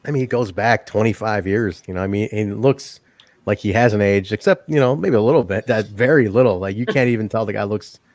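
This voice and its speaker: A man's voice: fairly low pitch, brisk, a little mellow, dry recording. A man hosting a casual wrestling review podcast, chatty and swearing freely, talking through a wrestling mask. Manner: chatty, swearing, laughs often. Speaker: podcast host. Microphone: wearing a wrestling mask over his face.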